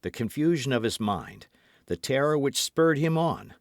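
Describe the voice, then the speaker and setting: A man narrating a classic novel as an audiobook in an expressive storytelling manner. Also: medium pitch, normal speed, vocal fry, no room sound, clean studio sound. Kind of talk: scripted narration.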